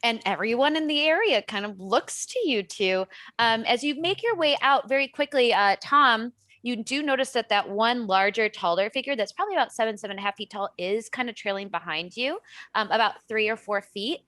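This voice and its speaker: A woman's voice: on the high side, lively intonation, brisk, sharp tone, dry recording. A woman narrating a tabletop game as game master, in a loose, chatty way with many fillers.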